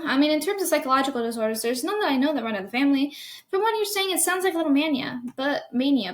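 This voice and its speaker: A woman doing a high, fretful mother-in-law. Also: a bit bright. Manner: hesitant, rambling, with many restarts. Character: concerned middle-aged mother-in-law. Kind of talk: storytelling voice.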